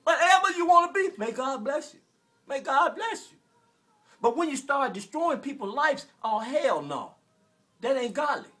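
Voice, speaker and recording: A man in his forties from Arkansas with a Southern American accent, delivering an emotional, preachy rant that repeats phrases and bursts into shouts. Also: extremely high pitch, sing-song, moderate pace. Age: 40s. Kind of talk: impassioned direct-to-camera rant.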